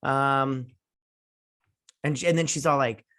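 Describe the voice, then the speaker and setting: A young man hosting a casual episode review, recapping the plot sarcastically and mocking the characters' lines in quick put-on voices. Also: medium pitch, steady tone, fairly bright tone. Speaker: show host.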